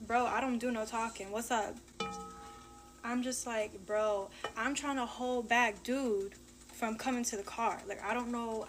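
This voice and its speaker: A young woman telling a casual storytime, animated and acting out the dialogue. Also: a little high, slight background noise.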